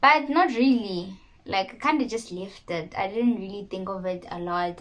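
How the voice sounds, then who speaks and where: A woman's voice: mid-range voice, normal speed, a bit bright, low-quality recording. Chatty young South African woman vlogging. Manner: chatty, candid, self-mocking. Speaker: YouTuber. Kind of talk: casual talk to camera.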